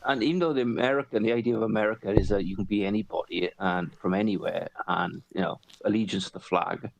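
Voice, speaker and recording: A man's voice: lowish voice, fairly even intonation, fast, vocal fry, no room sound, rough recording. A man from Wales with a South Welsh accent, chatting casually on a podcast, rambling and swearing freely. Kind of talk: casual chat.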